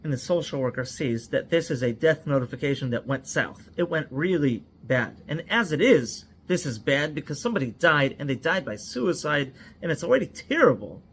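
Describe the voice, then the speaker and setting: A man's voice: fairly high pitch, expressive, moderate pace, few pauses, a bit bright, a little hiss or hum. A man who trains people in psychological first aid, earnestly telling a cautionary story and stacking his points in lists.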